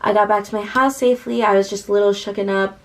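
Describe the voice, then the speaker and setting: Speaking fast in a mid-range voice with fairly even intonation, a late-teen vlogger casually recounts a personal story. She leans heavily on "like" and replays conversations in quoted dialogue, all on a rough recording.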